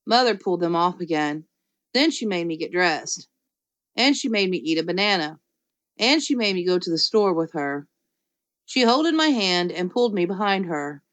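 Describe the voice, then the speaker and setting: A woman's voice: lowish voice, expressive, normal speed, a bit bright, dry recording. Woman reading a playful kids' storybook. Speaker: audiobook reader. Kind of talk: first-person storybook narration in a child's voice.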